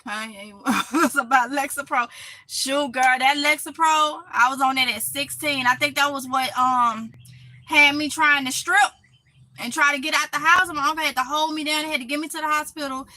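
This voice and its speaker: This high-voiced woman, Southern with a Mississippi accent, answers her live chat from a greenhouse stream, chatting casually and laughing often. She speaks at normal speed in a steady, pushed, bright tone, and the audio is poor but echo-free.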